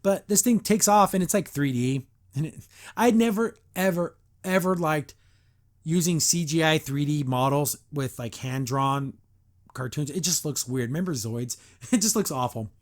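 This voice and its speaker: A man's voice: on the high side, moderate pace. A man hosting a podcast, reviewing a cartoon episode in a sarcastic, exasperated way and acting out the characters' lines.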